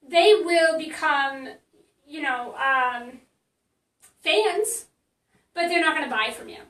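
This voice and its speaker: A woman's voice: high-pitched, takes it slowly, a bit bright, reverberant, recorded from a distance, rough recording. A woman marketing coach teaching in a casual live stream, chatty and blunt, with many fillers and restarts.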